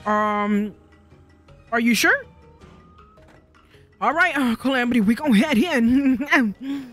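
A woman with a bright, forceful voice giving sassy, profane play-by-play as she streams a game. She quips back at the characters and chats to her viewers, with soft game music underneath. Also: a little high, lively intonation, slow pace. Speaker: gaming streamer. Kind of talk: casual let's-play commentary.

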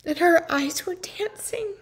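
A woman's voice: extremely high pitch, measured pace. A woman vlogger earnestly telling a personal story to her viewers, emotional and full of "like" and "you know". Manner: earnest, emotional, heavy use of "like". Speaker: vlogger and family caregiver.

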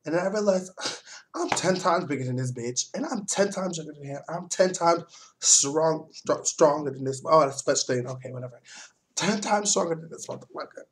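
A young man vlogging, telling a story in a heavily profane, animated rant. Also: fairly high pitch, moderate pace, a little hiss or hum.

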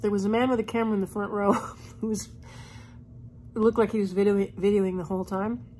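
A woman's voice: mid-range voice, little pitch movement, moderate pace, a little mellow, slight background noise. A woman singer vlogging from the road in a casual, rambling way, laughing at herself as she chats. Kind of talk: casual vlog chat.

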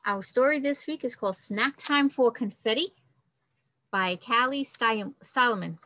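A woman's voice: on the high side, measured pace, sharp tone, dry recording, low-quality recording. A woman, a children's librarian, reading a picture book and leading a friendly, upbeat science lesson for kids.

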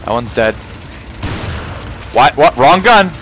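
Excitable, foul-mouthed male gamer. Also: mid-range voice, slow pace, a little hiss or hum. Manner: excitable, swears constantly, shouts in panic. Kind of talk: profane let's-play commentary. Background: game music and sound effects.

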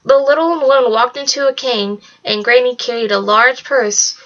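A woman's voice: on the high side, moderate pace, a bit bright. A woman reading a novel aloud in a plain way, with some stumbles. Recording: dull lo-fi recording.

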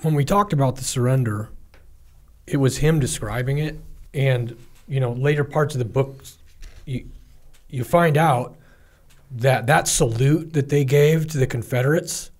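A man's voice: medium pitch, measured pace, long pauses, a little mellow. A man co-hosting a podcast, retelling a story in casual chat with admiring enthusiasm and frequent fillers. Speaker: podcast co-host.

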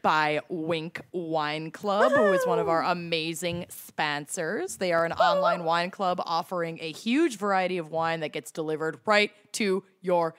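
A young adult woman co-hosting a podcast in relaxed chat, rambling with lots of "like" and quick laughs. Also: fairly low pitch. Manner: chatty, says "like" a lot, laughs often. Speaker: podcast co-host. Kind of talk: casual chat.

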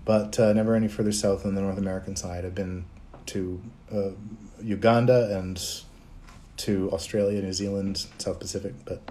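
A man's voice: deep voice, flat delivery, moderate pace, mellow, a little hiss or hum. Easygoing man chatting on a livestream. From Canada. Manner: easygoing, chuckles often, reads chat aloud. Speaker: voice actor hosting a fan livestream. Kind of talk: casual livestream chat answering fan questions.

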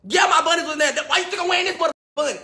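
A man with a very high, sharp voice rants fast and loud, repeating himself and swearing freely. He sounds exasperated. The room around him echoes. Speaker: vlogger. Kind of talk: ranting vlog.

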